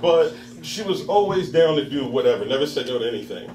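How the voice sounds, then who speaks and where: Fast and full of big pitch swings, this man's slightly high, darkish voice carries a rambling open-mic tale. He's a comedian in his thirties performing in a bar for a live audience, laughing at his own material and impersonating the story's characters. The recording is roomy and distant, with crowd sound and slight background noise.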